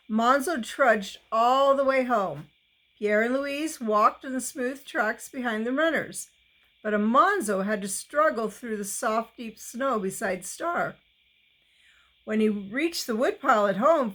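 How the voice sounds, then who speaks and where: A woman reading a children's novel aloud, slowly and deliberately, with small slips. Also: a little high, a bit bright, poor audio. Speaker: reader.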